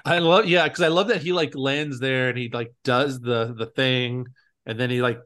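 A man's voice: medium pitch, moderate pace. A man co-hosting a podcast, chatting casually and playfully about films, often acting out characters' lines. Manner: animated, playful, acts out movie lines in character voices. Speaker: podcast co-host. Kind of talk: casual chat.

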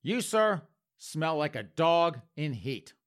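A male comedian tells a story with punchy, animated delivery and a fairly high voice. His pitch leaps around a great deal. The tone is bright and forceful. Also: takes it slowly, clear, resonant tone. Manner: punchy, addresses the audience as folks.

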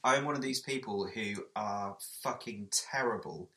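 A man co-hosting a podcast in casual chat, sweary and self-mocking, with quick asides. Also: fairly low pitch, pushed and bright. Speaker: podcast co-host. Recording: roomy echo.

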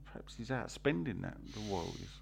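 A man hosting a casual football podcast, reading listener messages aloud in a slow, deliberate way and rambling between them. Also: on the low side, sing-song, creaky. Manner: rambling, lots of fillers.

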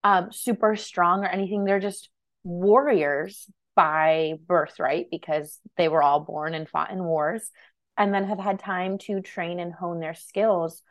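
A woman's voice: fairly low pitch, fairly even intonation, measured pace, muffled recording. A woman co-hosting a film podcast in casual chat, playful, teasing and opinionated. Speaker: podcast co-host.

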